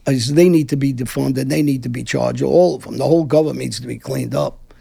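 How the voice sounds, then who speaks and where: Fairly quick and medium-pitched, his voice is warm and breathy with vocal fry. He's a middle-aged Brooklyn man in a heated interview, combative and blunt, wandering off and restarting as he goes.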